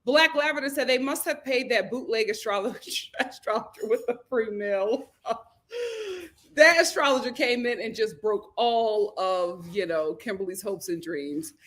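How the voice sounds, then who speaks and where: A woman hosting a casual livestream from home on a computer mic, chatty and animated, laughing often as she reads viewer comments aloud. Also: a little high. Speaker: livestream host.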